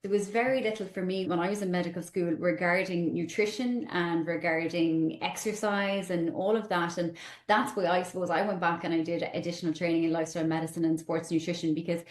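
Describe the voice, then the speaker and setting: A woman doctor answering interview questions about nutrition in a measured, explanatory way. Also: on the low side, steady tone. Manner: measured, explanatory, uses fillers like "I suppose". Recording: echoey room.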